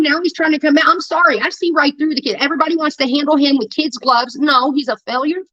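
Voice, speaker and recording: A woman's voice: high voice, a bit bright, no echo, muffled recording. A woman streamer delivering a heated, profane rant about a falling-out with a friend, talking straight into a close mic. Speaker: livestreamer. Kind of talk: ranting livestream monologue.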